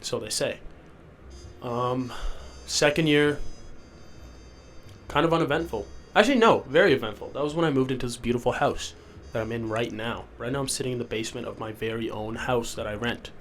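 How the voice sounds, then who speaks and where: A man's voice: medium pitch, fairly even intonation, normal speed, slight background noise. A sick young man with sniffles hosting a rambling solo podcast from a basement, loopy and self-deprecating. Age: young adult. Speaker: podcast host. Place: rented house basement.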